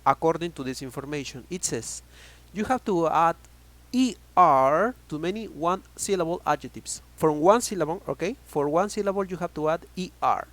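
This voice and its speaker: A man with a Spanish accent teaching an online English grammar class, talking slowly, repeating words and checking in with "okay?" again and again. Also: fairly high pitch, expressive.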